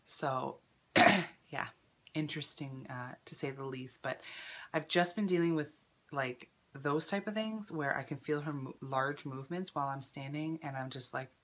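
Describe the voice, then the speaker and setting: A young woman in her twenties vlogging casually, chatty and full of fillers, emotional at times, clearing her throat from a lingering cough. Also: deep voice, a little slow, fairly bright tone. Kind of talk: casual personal vlog.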